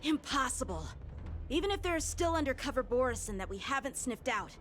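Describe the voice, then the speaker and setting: An actress playing an urgent young female officer in a video game, giving brisk orders. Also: high-pitched, sing-song, a bit bright, soft background music.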